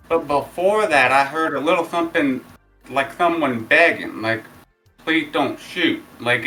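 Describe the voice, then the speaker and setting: A man playing Calamity, a wary adventurer with keen hearing, asking halting, uneasy questions. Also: a little high, pushed and bright, recorded from a distance, exaggerated voice.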